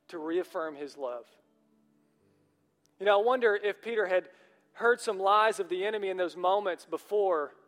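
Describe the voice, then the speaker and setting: The somewhat high, slightly bright voice of an earnest male pastor rings out in a large church hall's long reverb. Throughout the sermon he encourages his listeners and keeps addressing them with questions.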